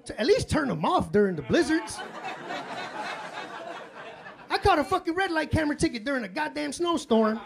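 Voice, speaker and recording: A man in his thirties works a comedy club stage through a handheld mic, his voice sitting very high and leaping all over the place. He tells profane, excitable stories, and a loud crowd laughs around him over steady room noise. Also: fast, gravelly, few pauses. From Chicago. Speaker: stand-up comedian. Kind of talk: live stand-up comedy. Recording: live club with audience laughter.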